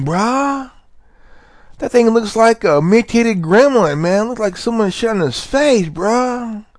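A man's voice: high voice, no echo, clean studio sound. A man rambling through a casual monologue, laid-back and profane, full of slang and fillers. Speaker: podcast host.

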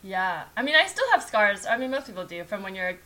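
A woman's voice: mid-range voice, sing-song, brisk, bright, forceful tone. A woman in casual chat who laughs easily, gasps at the story, and acts out voices in her own anecdotes.

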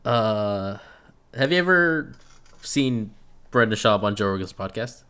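A man co-hosting a casual review podcast, telling stories in a relaxed way and laughing often. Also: fairly low pitch, measured pace, clear, resonant tone. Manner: laid-back storytelling, acts out quotes, laughs often. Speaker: podcast co-host reviewing a reality show. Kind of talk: casual chat.

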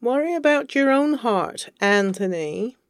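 A reader voicing a cool, sharp-tongued young woman, arch and mock-offended, in a fan fiction audio reading. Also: medium pitch, animated, unhurried, dry recording, studio quality. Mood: arch teasing.

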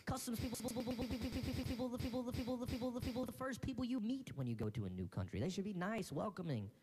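Brief: stuttering stand-up comic, animated delivery, middle pitch. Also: racing, breathy edge, faint music behind. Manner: strong stutter, repeating words many times. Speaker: stand-up comedian. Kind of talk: stand-up routine.

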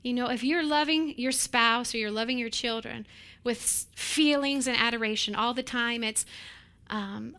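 High, bright woman preaching with laughing asides. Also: measured pace, clean tone. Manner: acts out quoted voices with animated, laughing asides. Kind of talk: sermon.

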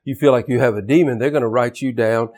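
A man's voice: mid-range voice, fairly even intonation, fast, darkish tone. Man preaching an emphatic sermon. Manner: emphatic preaching, with repeated words and restarts. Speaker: pastor.

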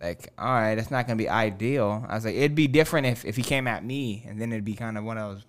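Fast-talking rambling man telling a story. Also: on the low side. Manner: rambling, loose, profane storyteller with many fillers. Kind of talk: casual storytelling among friends.

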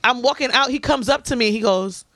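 A woman's voice: fairly high pitch, fairly quick, bright, forceful tone, dry recording. A woman co-hosting a casual podcast, telling a profane story and acting out everyone's lines. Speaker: podcast co-host.

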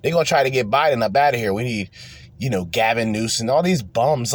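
Husky, animated man ranting. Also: medium pitch, a little fast, no echo. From New Jersey. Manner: rambling, profane, heated. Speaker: podcast host. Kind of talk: casual political rant.

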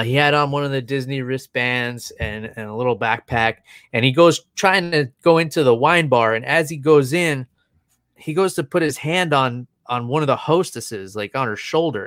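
A man's voice: medium pitch, a bit bright, dry recording, studio quality. A man in his thirties, a show co-host, casually telling an anecdote, chuckling often and padding his speech with fillers. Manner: chuckling, filler-heavy storytelling.

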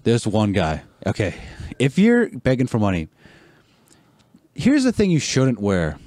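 A young man telling animated stories as a podcast guest, swearing freely and laughing often. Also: on the low side, a little slow, no room sound, studio quality. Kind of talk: casual podcast chat.

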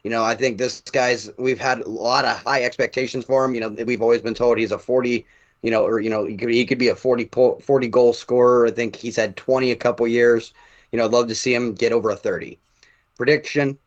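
A man co-hosting a casual sports podcast, talking haltingly and restarting his sentences. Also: mid-range voice, steady tone, muffled recording. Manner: halting, many fillers and restarts. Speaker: podcast co-host.

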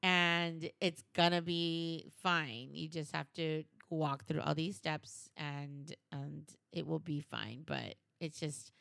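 A woman co-hosting a casual podcast, her voice low-pitched with a gravelly fry and a bright, sharp edge. She chats playfully in slang and acts out little stories. The sound is close and dry. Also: takes it slowly, few pauses, dry recording. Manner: playful, slangy, animated storytelling with quoted voices. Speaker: podcast co-host. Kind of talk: casual chat.

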